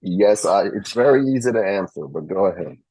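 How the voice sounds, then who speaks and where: A man's voice: deep voice, lively intonation, a little fast, dark tone, breathy edge, dry recording, rough recording. A man in casual group chat, eagerly explaining fan trivia with filler ums. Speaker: regular panelist.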